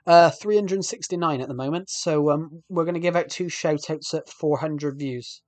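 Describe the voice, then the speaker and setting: A man's voice: fairly high pitch, moderate pace, no room sound. A man live-streaming a game, chatting casually with viewers and often restarting sentences.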